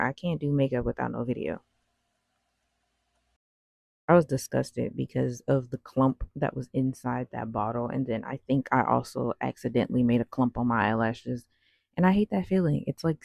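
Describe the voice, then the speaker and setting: A woman's voice: rumbling low, gravelly, a little mellow, no echo. A woman cosplay vlogger rambling in casual, slangy voice-over about her makeup. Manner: rambling, slangy, self-deprecating.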